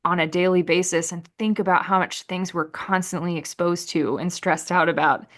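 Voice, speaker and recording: Relaxed woman explaining bodywork. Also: fairly low pitch, normal speed. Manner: relaxed, explanatory, quotes people in a bright voice. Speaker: podcast guest, fascia release practitioner. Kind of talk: casual interview talk.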